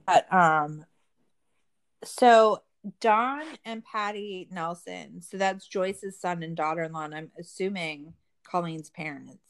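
A woman's voice: on the low side, takes it slowly, clean tone. A woman co-hosting a casual true-crime recap, sarcastic and profane, full of "like" fillers. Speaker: podcast co-host.

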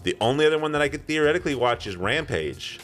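A man's voice: medium pitch, animated, quick pace, fairly bright tone, soft background music. A man in his thirties co-hosting a podcast, chatting casually and rambling off on tangents with chuckles. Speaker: podcast co-host.

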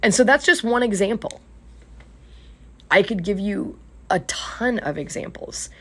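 A woman's voice: medium pitch, lively intonation, unhurried, fairly bright tone. A woman life coach and podcast host telling a client story in a casual, earnest way. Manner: earnest, retells conversations with acted quotes.

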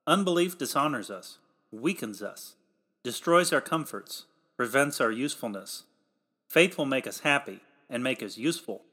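A man delivering a read sermon in old-fashioned, formal pulpit language, emphatic and growing louder on the exhortations. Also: medium pitch, expressive, normal speed. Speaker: preacher.

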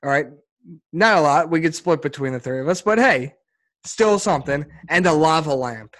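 Man, podcast co-host, fairly high voice, animated and rambling, dry close mic. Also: normal speed, dry recording. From Philadelphia area. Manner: animated, rambling, laughs often. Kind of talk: casual sports podcast chat.

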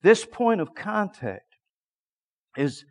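A middle-aged male preacher telling a story in a sermon, dropping to a hush and then shouting. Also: sits high, takes it slowly. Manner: lively storytelling that swings from hushed to shouting.

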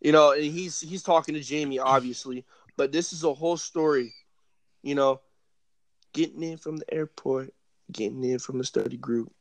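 A man co-hosting a casual podcast, with a voice a little higher than most men's. He rambles and swears freely, and his talk turns emotional. The sound is dry and close, with no room echo. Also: moderate pace. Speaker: podcast co-host.

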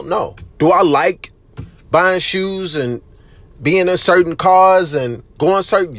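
A man hosting a casual solo podcast, ranting bluntly with heavy cursing, emphatic and loud at times. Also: a little high, no echo. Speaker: podcast host.

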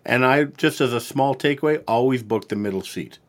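A man's voice: mid-range voice, fairly quick. A man hosting a comedy advice podcast, joking with his guests and wrapping up the show. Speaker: podcast host.

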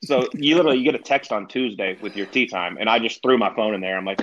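A middle-aged man tells stories quickly and easily, laughing as he goes, like a guest on a casual podcast. His audio sounds slightly dull and muffled. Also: fairly low pitch, a bit bright, a little hiss or hum. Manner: laid-back, chatty, laughs through his stories. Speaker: retired golfer guest.

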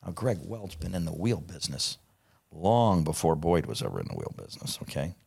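A middle-aged man telling a profane, lively anecdote in casual conversation. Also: low-pitched, a little fast, gravelly, slightly rough. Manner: profane, animated anecdote teller. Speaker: guest. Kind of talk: casual storytelling.

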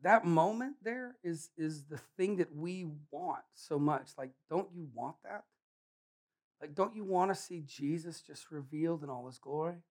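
A man preaching a sermon in a casual, animated way, joking and acting out Bible characters. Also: a little high, unhurried.

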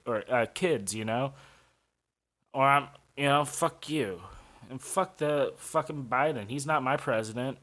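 Ranting, crude St. podcaster. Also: male voice, mid-range voice, a little slow, a bit bright. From St. Louis, USA. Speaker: podcast host. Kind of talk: profane podcast monologue.

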